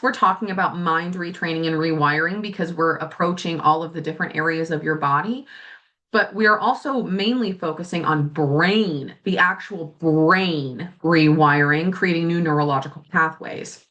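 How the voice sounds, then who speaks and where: Brief: woman podcast coach, bright clear tone, swears freely, casual and direct. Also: on the low side. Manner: blunt and profane, animated. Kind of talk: casual motivational talk.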